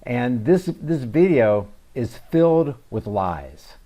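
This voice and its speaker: A man's voice: medium pitch, very animated, slow pace, dark tone. A man hosting a reaction video, talking in a sarcastic, mocking commentary style. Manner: mocking, emphatic, with scornful asides.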